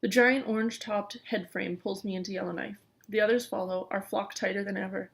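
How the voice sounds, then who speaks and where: A woman reading a children's novel aloud in the first person, lively, with small stumbles. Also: medium pitch, a little fast, creaky. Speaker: audiobook reader.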